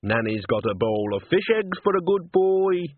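A man voicing a cheerful old countrywoman who talks in a sing-song, coaxing, drawn-out way. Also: a little high, sing-song, husky, voice pushed up. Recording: dry, tinny phone-like sound.

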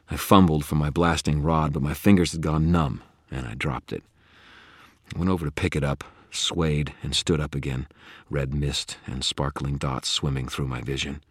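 A man narrating a first-person audiobook in a measured, dramatic storytelling manner. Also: extremely low pitch, fairly bright tone, dry recording, clean studio sound.

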